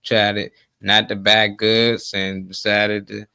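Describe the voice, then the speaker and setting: A man hosting a casual call-in chat, talking in a relaxed, slangy way and trailing off as he goes. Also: on the low side, slow, creaky, smooth, dry recording. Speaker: host.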